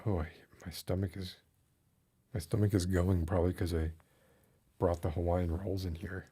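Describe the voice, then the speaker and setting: A man with a low, husky, dark voice and a flat delivery chats at a moderate pace while streaming. He rants with mock outrage to his live audience, voice rising when he's worked up, and laughs at himself.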